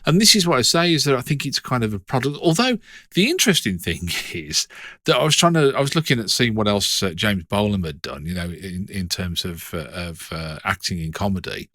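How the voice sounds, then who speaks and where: Middle-aged man, low voice, animated swings, dry close mic, chatty co-host. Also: fairly quick, no room sound. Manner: animated storytelling, hesitant restarts. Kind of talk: casual chat.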